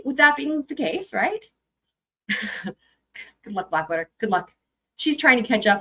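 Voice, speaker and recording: A woman hosting a live stream, reading court filings aloud and commenting on them in a chatty, animated way. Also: a little high, a little slow, long pauses, low-quality recording. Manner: chatty, animated, breaks into sung snippets.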